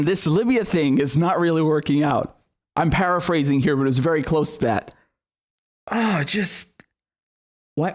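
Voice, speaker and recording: A male political commentator delivering a profane, sarcastic and exasperated solo rant. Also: on the high side.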